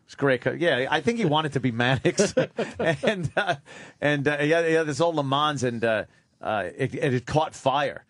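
A man co-hosting a radio talk show, telling a story and acting out the quotes with big jumps in pitch. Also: fairly bright tone, no room sound.

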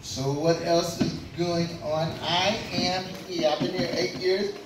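In a high voice with a flat, unhurried delivery, a man from Kentucky does loose, profane stand-up, spinning stories toward punchlines. Captured from a distance, the club sounds very echoey and noisy, and the audience laughs in the background.

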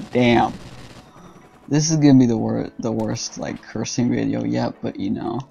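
Young man ranting over gameplay, gravelly. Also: medium pitch, fairly even intonation, measured pace, warm tone, dull audio, a little hiss or hum. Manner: frustrated, swearing, ranting at teammates. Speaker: gaming channel host. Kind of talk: casual gameplay commentary. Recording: game music and gunfire behind.

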